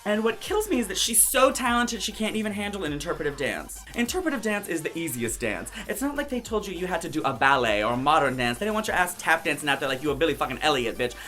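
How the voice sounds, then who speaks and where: Brash campy drag queen, very animated. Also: a little high, fast talker, few pauses, faint music behind. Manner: brash, campy, profane, theatrical; mimics others' voices in quotes. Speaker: drag queen recapping a TV show. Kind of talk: sassy casual commentary.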